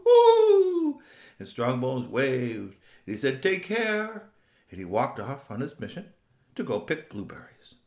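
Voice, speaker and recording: Animated male storyteller with a very lively voice. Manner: highly animated, shrill owl hoots, playful asides. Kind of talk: children's bedtime storytelling.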